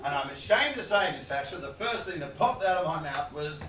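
A man doing a stand-up routine, his high voice leaping all over the place as he swears and laughs his way through the bit. He is picked up from a distance in a roomy live venue. Audience noise sits clearly behind him. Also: brisk. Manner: animated, swearing, laughing storyteller. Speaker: stand-up comedian.

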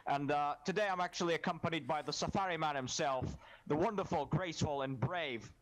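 A man's voice: a little high, a little fast, a bit bright, close to an everyday voice, low-quality recording. A man voicing a brash mock-Australian safari host in gaming commentary, with a put-on Australian accent and hammy tour-guide patter.

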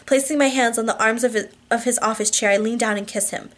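A woman's voice: fairly high pitch, steady tone, quick pace, few pauses. A woman reading a romance novel aloud, with frequent restarts and slips. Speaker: audiobook reader.

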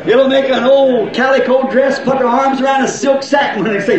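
A man preaching a folksy sermon, swinging between loud shouts and low asides. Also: moderate pace, crowd noise. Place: church. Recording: echoey, muffled old church recording.

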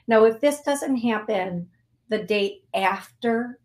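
A woman's voice: a little high, darkish tone. A middle-aged woman hosting a psychic call-in show, giving readings and leading a guided healing in an emotional, affirming way. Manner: slow, emotional, affirming, repetitive phrasing. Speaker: psychic medium radio host.

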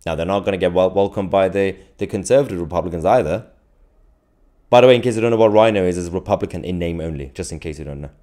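A political livestream host with a deep, mellow voice talks fast as he reads viewer comments. He's casual and jokey, often chuckling and rambling into asides.

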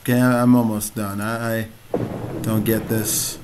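A man's voice: fairly low pitch, flat delivery, measured pace. A young man commenting on his own gameplay, frustrated and self-mocking. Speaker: gamer. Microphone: desk mic. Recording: noisy home mic with clicks.

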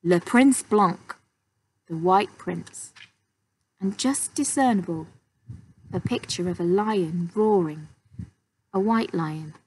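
A woman, a primary school teacher, reading a children's novel aloud with expressive storytelling. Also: on the low side, takes it slowly, pauses often, a little hiss or hum, rough recording. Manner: expressive storytelling, voices for characters.

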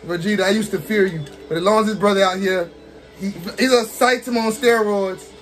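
A man casually commentating his own fighting game match, excitable, talking to the characters on screen and laughing often. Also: sits high, a little fast, soft background music. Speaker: gaming streamer.

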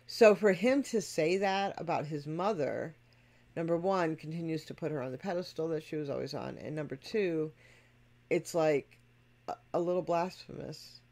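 A music reaction host talks straight to the viewers at a mid pitch, stressing each point as they explain it. The delivery is casual and conversational. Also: creaky, darkish tone. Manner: emphatic and explanatory, addresses viewers directly. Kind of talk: casual spoken commentary to viewers.

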